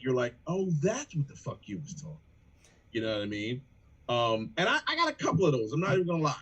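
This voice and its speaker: A rapper in a band chats casually on a livestream, animated and profane as he breaks down his lyrics. His voice is medium-pitched, and the recording is muffled.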